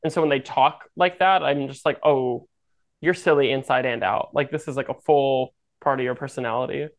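A man's voice: medium pitch, steady tone, moderate pace. Blunt, wry man from the Philadelphia area. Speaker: podcast co-host. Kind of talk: casual chat.

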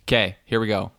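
A man hosting a podcast, talking quietly in casual chat and laughing often. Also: fairly low pitch, creaky. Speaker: podcast host.

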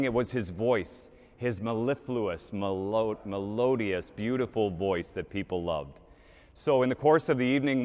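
A man preaching a sermon in a cathedral, telling a story and acting out the voices of the people in it. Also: fairly low pitch. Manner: storytelling, acts out quoted voices. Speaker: priest. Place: large cathedral. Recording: long cathedral reverb.

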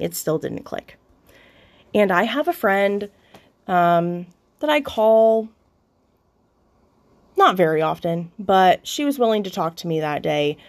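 Slow-talking candid woman podcaster. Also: mid-range voice, a little mellow. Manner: candid and confessional, occasional swearing; halting, with frequent restarts. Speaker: podcast host. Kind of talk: personal storytelling.

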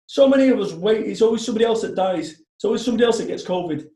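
Bloke in his 40s, high but mellow voice, swears a lot, blunt, echoey room. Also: racing. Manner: blunt, sweary, animated storytelling. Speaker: motivational speaker. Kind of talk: podcast conversation.

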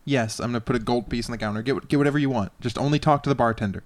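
A man at a tabletop game asks questions in a loose, casual voice, hesitating and restarting often. He sits at a middle pitch. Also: very fast. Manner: casual, hesitant, many fillers. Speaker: player.

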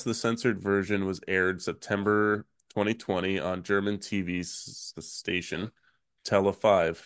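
A man hosting a podcast, talking in a laid-back, rambling way with fillers and soft laughs. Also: deep voice, no echo, clean studio sound. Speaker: podcast host. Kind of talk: casual chat.

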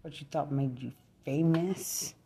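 A woman's voice: low-pitched, fairly even intonation, unhurried, dark tone, breathy edge. A woman, a mother, in a furious rant, cursing and repeating threats over and over. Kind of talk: angry profane rant.

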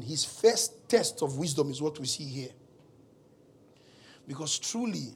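A man's voice: a little high, expressive, unhurried, long pauses, a little mellow. A man preaching a sermon as pastor, mixing humorous asides with dramatic retellings and bold declarations.

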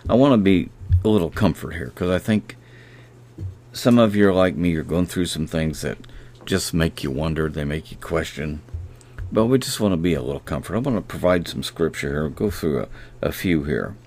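A man hosting a devotional podcast, reading Bible verses slowly and repeating key phrases. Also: deep voice, a little mellow. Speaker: podcast host.

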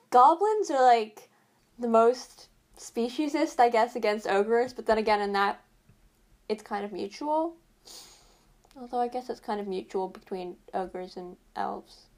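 A young woman co-hosting a casual book discussion, reacting with drawn-out sighs and short comments. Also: a little high. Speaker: podcast co-host.

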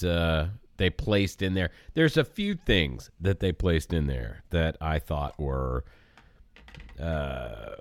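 A man with a deep voice co-hosting a casual movie podcast. His pitch swoops up and down as he talks at an unhurried pace, playfully quizzing his friend like a game-show host. The sound is dry and close. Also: no echo. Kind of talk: casual movie-discussion chat.

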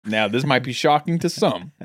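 A man's voice: medium pitch, animated, normal speed, no echo, clean studio sound. A man co-hosting a podcast in casual chat, joking and swearing freely through playful banter. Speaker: podcast co-host.

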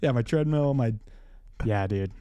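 A man's voice: medium pitch, unhurried, mellow, clear, resonant tone, no echo, highs cut off. A young man telling a story on a podcast in casual chat, swearing freely and acting out what others said in a raised voice. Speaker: podcast co-host.

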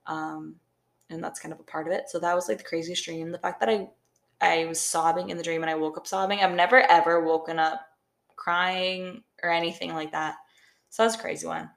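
A woman's voice: fairly low pitch, fairly even intonation, a little fast, creaky. A young woman co-hosting a podcast, telling a long story in a rambling way with lots of "like". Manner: rambling storytelling, heavy use of "like". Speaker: podcast co-host. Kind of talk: casual chat.

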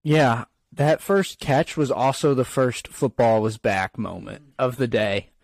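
With a gravelly, medium-pitched voice and a measured pace, a man co-hosts a podcast about football. The chat is casual and rambling, crowded with fillers and restarts, and the recording is dry.

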